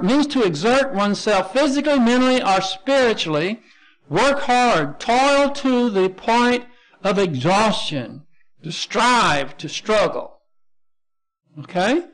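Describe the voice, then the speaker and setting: A man's voice: high-pitched, a bit bright. A man with a Texan accent teaching a Bible lesson as pastor, explaining Greek words step by step and spelling them out letter by letter. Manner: explains word by word, spells out Greek terms, frequent restarts.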